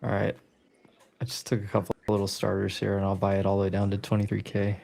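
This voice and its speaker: A man's voice: fairly low pitch, monotone, fast, creaky, darkish tone, a little hiss or hum. A man on a live day-trading stream, making dry short quips and calling his trades. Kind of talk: casual live-stream chat.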